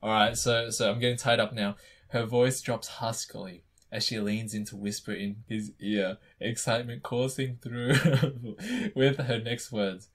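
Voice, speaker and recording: A male YouTuber reads a fanfiction story aloud at a middling pitch. He keeps stopping to react to the writing, joke about it and then go on reading. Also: steady tone, unhurried, slightly rough.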